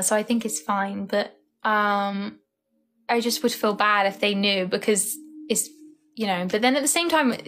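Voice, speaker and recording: A tired young woman talks to her live stream viewers in a loose, rambling way, with "like" in nearly every phrase. Her voice sits a little high for a woman and swings up sharply when she thanks people. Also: fairly bright tone. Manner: rambling, chatty, frequent "like" fillers. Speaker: livestreamer. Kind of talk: casual live-stream chat.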